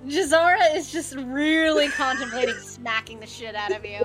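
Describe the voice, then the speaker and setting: A woman runs a tabletop game as game master, her voice a little high. She rambles through the scene with lots of fillers and drops into character voices. Clear music plays behind her. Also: fairly even intonation, moderate pace.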